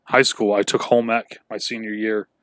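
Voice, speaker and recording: A man's voice: fairly low pitch, little pitch movement, normal speed, a bit bright, dry recording. A young man from England telling stories in a casual podcast chat, full of fillers and swearing. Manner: chatty storyteller, lots of filler and swearing.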